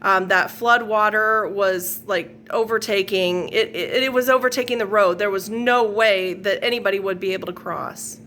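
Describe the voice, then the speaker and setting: Earnest bright-voiced woman telling a dream. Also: mid-range voice, moderate pace, hardly any pauses, a little hiss or hum. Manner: earnest, rambling retelling with fillers and quoted speech. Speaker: faith video host. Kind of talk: personal testimony, casual storytelling.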